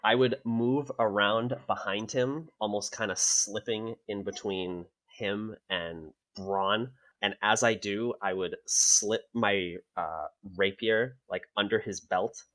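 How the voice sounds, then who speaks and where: A man's voice: lowish voice, slow pace, hardly any pauses, fairly bright tone. A man playing a tabletop game, describing his moves casually and hesitantly. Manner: casual, hesitant, lots of fillers. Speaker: player.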